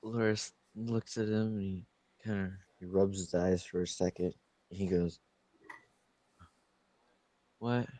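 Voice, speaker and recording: A male player with a very low voice, dry close sound. He narrates his character's moves in a laid-back manner. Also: steady tone, normal speed, dark tone, dry recording.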